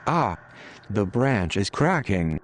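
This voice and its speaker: Panicky kid climbing a tree, yelps and shouts, man reading him, low slow voice. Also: very animated, noisy background. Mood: panicked.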